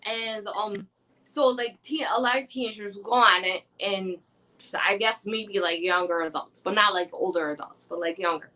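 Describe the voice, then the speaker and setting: A woman's voice: mid-range voice, normal speed, rough recording. A woman around forty, chatting casually as a guest and telling stories with frequent laughter. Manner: giggly storyteller, laughs often, animated retelling. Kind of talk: casual chat.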